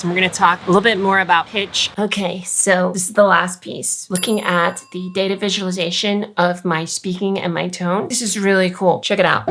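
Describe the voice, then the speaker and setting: A woman's voice: on the low side, pushed and bright, a little hiss or hum. A woman giving voice tips in a casual tutorial vlog, chatty and explanatory, with lots of fillers. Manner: demonstrates sounds while explaining.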